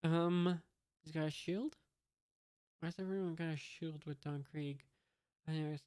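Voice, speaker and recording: A reader casually reading a comic aloud, halting with many fillers, reading out sound effects and punctuation, with dry offhand asides. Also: medium pitch, flat delivery, darkish tone, clear, resonant tone, no room sound.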